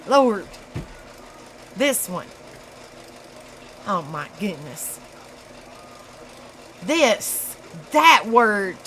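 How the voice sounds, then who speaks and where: A woman with a Southern US accent hosting a casual live stream, chatty and laughing at herself often, in a dark room. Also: medium pitch, big pitch swings, drawn-out words, pauses often, background noise. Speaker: livestream host.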